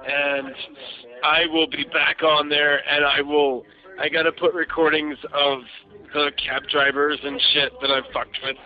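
A man's voice: on the high side, level tone, a little slow. A drunk man rambling loosely in a voicemail. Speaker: voicemail caller. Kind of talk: voicemail message. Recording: dull lo-fi voicemail.

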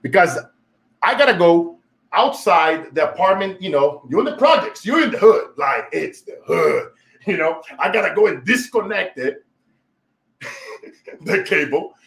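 A Brazilian man with a fairly high voice tells a motivational story as host of his own show. He speaks with a Brazilian Portuguese accent, emphatic and lively, breaking into laughter often. His tone stays energetic throughout. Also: unhurried, creaky.

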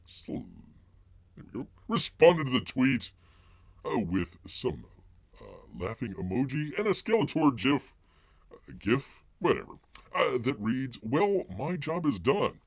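Hosting a rambling live-stream commentary, a man mocks his targets, stumbles through constant filler words and restarts, and speaks of himself in the third person. His pitch leaps and drops all over, he's very animated yet a little slow, with long pauses. The sound is close and dry, without echo.

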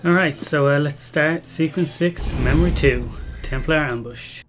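A man's voice: a little high, a little slow. A man giving casual, self-mocking commentary while playing a video game. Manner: chatty, self-mocking, laughs at himself. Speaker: gameplay commentator. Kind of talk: casual let's-play commentary. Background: game music.

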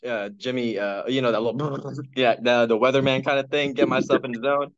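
A man's voice: mid-range voice, steady tone, brisk. A man talking casually and with enthusiasm in a team meeting, often hesitating with ums. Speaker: real estate agent in training. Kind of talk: casual chat. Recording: dull dry audio.

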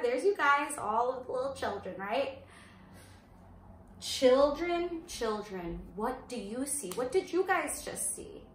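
Female preschool teacher, slightly high voice, slow sing-song storytime reading with questions for the kids, echoey room. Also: a bit bright, a little hiss or hum. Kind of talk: reading a picture book aloud to young children.

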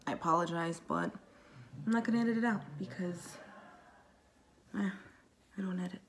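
A woman's voice: lowish voice, moderate pace, slight background noise, rough recording. A young woman chatting casually through a makeup tutorial, rambling and talking to herself as she works. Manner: chatty, rambling, talks to herself while working. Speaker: beauty vlogger.

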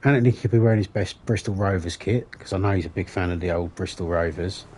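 Husky and deep with a darkish, fairly even tone, this man talks quickly while streaming a game. Chatting loosely with his viewers, he jokes, rambles, swears a lot and cracks himself up.

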